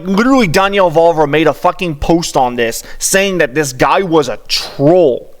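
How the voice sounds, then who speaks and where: High-pitched man ranting, swearing. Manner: profane, exasperated, mocking ranting. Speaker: reaction commentator. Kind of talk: ranting video reaction.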